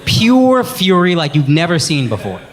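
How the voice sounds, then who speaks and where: His voice a little high and his pitch swooping wildly, a stand-up comic talks at normal speed while brashly mocking people in the crowd, with profanity, and riffing on his relationship. It's a live comedy club recording with an audience laughing throughout.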